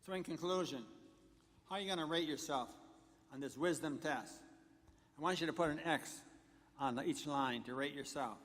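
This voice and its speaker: A man's voice: on the high side, moderate pace, pauses often, fairly bright tone. A man, a pastor, delivering a sermon in a church, walking through numbered points and telling jokes along the way. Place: church sanctuary. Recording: long church reverb.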